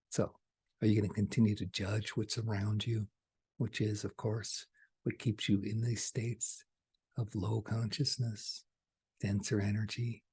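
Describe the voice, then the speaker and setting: A man delivering a channeled spiritual message, soft-spoken and at times hushed. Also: fairly low pitch, husky.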